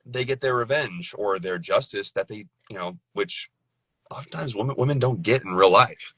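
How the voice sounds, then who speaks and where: A low-pitched man talks casually as a podcast guest, animated and joking, with a habit of restarting his sentences. The sound is dry and close. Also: moderate pace, breathy edge, no echo. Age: young adult. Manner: animated, jokey, repeats words when starting. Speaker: guest voice actor.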